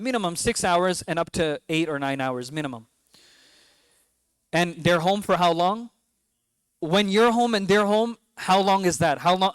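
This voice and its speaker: A man's voice: sits high, dry recording. A man in his twenties with a New York accent, giving a conversational mosque talk to parents, asking the crowd questions and joking now and then. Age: 20s. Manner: conversational, asks the audience questions, jokes.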